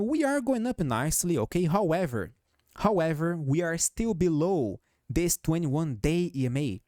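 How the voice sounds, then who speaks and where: A man's voice: high voice, a little mellow, no echo, studio quality. A man with a noticeable foreign accent who hosts a show on stock charts. He walks viewers through chart levels and keeps checking in with "okay?" and "guys". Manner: peppers talk with "okay?", "right?" and "guys". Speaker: stock market analyst host. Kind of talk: technical chart analysis commentary.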